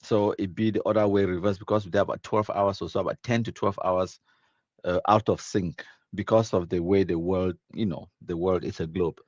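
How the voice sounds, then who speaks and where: A man's voice: low voice, steady tone, brisk, a little mellow, dry recording, muffled recording. A man with a Cameroonian accent hosting a live stream, casually reading viewer comments aloud, mixing in Pidgin and laughing often.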